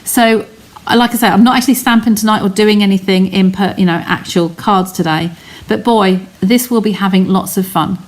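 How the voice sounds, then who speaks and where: A woman's voice: medium pitch, steady tone, fairly quick, hardly any pauses. Chatty woman demonstrating card crafts. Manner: chatty, explains step by step, talks to viewers. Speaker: craft live-stream host. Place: home craft studio.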